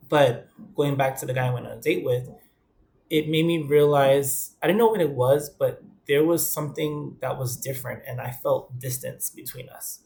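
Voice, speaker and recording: Gravelly-voiced young man from the Bronx. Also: medium pitch, darkish tone, slight background noise. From the Bronx, New York. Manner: earnest, conversational, quotes others in dialogue. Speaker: vlogger. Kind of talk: candid personal talk to camera.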